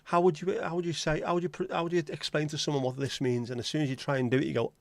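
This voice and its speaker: A man's voice: on the high side, steady tone, rapid-fire, vocal fry, no room sound. A man with a Liverpool accent hosting a casual livestream chat, joking, swearing freely and greeting viewers by name. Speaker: livestream host.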